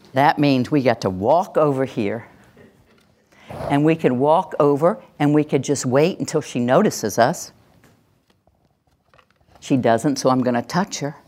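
A woman leads a parenting workshop as a live demonstration, talking plainly and then breaking into high, gushing praise. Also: a little mellow.

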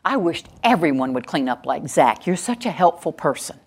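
A woman's voice: sits low, very animated, normal speed, darkish tone, husky. A woman giving a workshop lecture, speaking emphatically, repeating key phrases and checking in with her audience. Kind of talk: teaching lecture to a live audience.

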